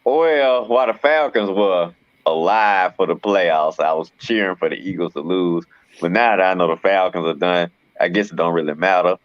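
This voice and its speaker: Low-voiced guy chatting football picks, dry dull sound. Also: moderate pace, no room sound. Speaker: co-host. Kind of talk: casual sports chat.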